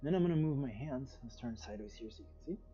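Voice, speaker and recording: A man teaching a guided yoga class over a livestream, with calm, soothing, drawn-out cues and sighs of relief. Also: medium pitch, dull audio, faint music behind.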